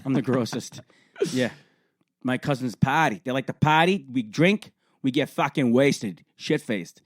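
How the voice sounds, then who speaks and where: A man's voice: mid-range voice, expressive, measured pace, no echo, studio quality. A man in his twenties co-hosting a podcast, bantering crudely with lots of swearing. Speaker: podcast co-host. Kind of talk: casual chat.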